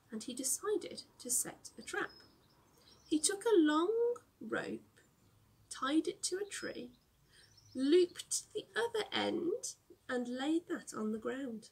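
A young woman teacher reading a storybook aloud to children, gently explaining words along the way. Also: high voice, sing-song, slow pace.

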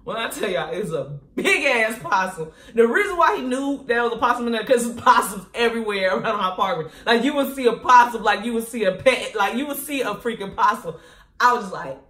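A woman vlogger telling a casual storytime in an animated, slangy way, laughing often. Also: on the high side, fairly quick. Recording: echoey room.

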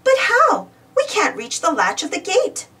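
A woman voicing an upbeat young female gardener from a storybook, high and excited. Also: a little slow, distant mic, exaggerated voice. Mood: alarmed.

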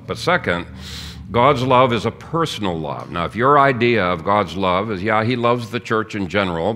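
A man's voice: fairly low pitch, pushed and bright. A man preaching a sermon as pastor, teaching earnestly and reading out scripture. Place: church.

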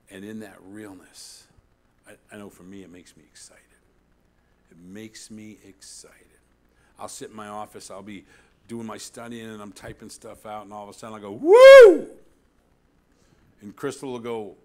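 Preaching with animation, this pastor swings from loud emphasis to hushed asides, repeatedly asking his congregation "See?". His voice is lowish, and there's slight background noise.

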